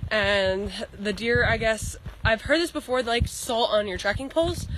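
With a stuffy nose and scratchy throat, a young woman vlogging a long-distance hike chats casually on the trail, rambling and filling gaps with fillers. Her voice is a little high and expressive, at a moderate pace.

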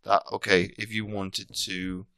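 A very low-pitched British man in his thirties, chatting casually as a podcast guest. He rambles and keeps restarting his sentences. The sound is dry and close, with no room echo. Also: little pitch movement, a little slow, sharp tone, smooth. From Britain. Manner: rambling, frequent restarts and self-corrections. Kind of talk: casual interview chat.

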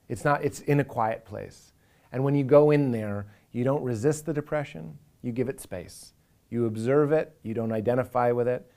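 A man in his thirties with a voice of middle pitch speaks in a reflective interview monologue. He sounds earnest and animated, and he slips into playful inner voices for comic effect. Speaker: comedian.

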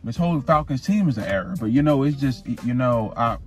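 A man vlogging as a sports fan in a casual rant, animated, repeating and stumbling over his words. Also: medium pitch, a little fast, soft background music. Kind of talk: casual ranting vlog.

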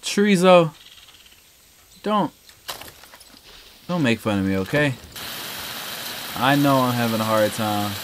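A young man giving let's-play commentary over a shooter game, excitable and slangy, talking to the game's characters and yelping loudly when he gets into fights. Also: medium pitch, slow, long pauses, background noise. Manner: slangy, joking asides. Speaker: gaming streamer. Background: game music and gunfire.

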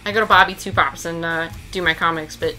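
A woman hosting a live trading card break, reading out each pull in a steady rundown and gasping and squealing over the good ones. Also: lowish voice, fast, over music. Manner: reads out names in a steady rundown. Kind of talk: live stream commentary.

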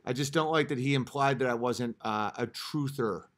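Live-streaming, a man rants combatively and profanely at his chat, repeating short phrases and lurching between muttering and yelling. His voice is medium-pitched and his pace moderate.

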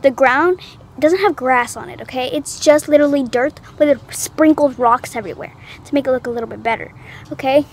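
A young woman at home, telling a personal story for her vlog in an animated, dramatic way with gasps and acted-out lines. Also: high voice. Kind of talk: casual storytime. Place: at home, indoors.

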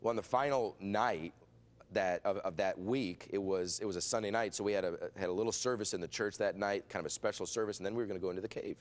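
A middle-aged man, a pastor, telling a lively healing testimony as an interview guest, with frequent restarts and acted-out quotes. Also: on the low side, fast talker. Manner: excitable, restarts often, acts out quoted voices. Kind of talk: animated storytelling testimony.

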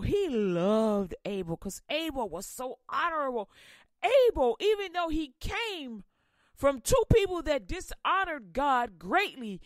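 Animated woman retelling a Bible story. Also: sits high, dry recording, clean studio sound. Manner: animated, playful, preachy. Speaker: radio podcast host.

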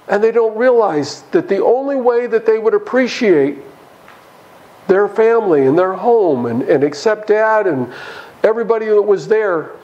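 High-voiced man preaching emphatically. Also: animated, normal speed, darkish tone, highs cut off. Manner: emphatic, chuckles while preaching. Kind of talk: sermon Bible study. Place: church.

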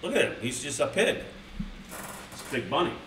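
A man's voice: fairly high pitch, very animated, normal speed, a bit bright, a little hiss or hum. A man streaming, reading a children's book aloud to his live chat with crude, rambling, mock-outraged asides. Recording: roomy sound from a distant mic.

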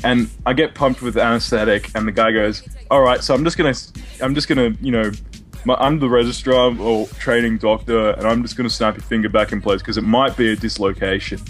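Over soft background music, a young Aussie man co-hosting a podcast tells a story a little quickly in a steady, medium-pitched voice. It's laid-back storytelling, full of swearing and laughter.

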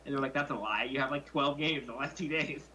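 A man's voice: medium pitch, fast, bright, forceful tone, slight background noise, low-quality recording. A young man chatting casually while gaming with friends, telling stories animatedly and mocking other players in quotes. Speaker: gamer streaming with friends.

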